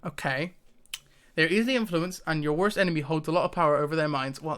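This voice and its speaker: A man's voice: a little high, fast, fairly bright tone, smooth. Hesitant man thinking aloud, laughing. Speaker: YouTuber. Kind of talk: casual commentary to camera.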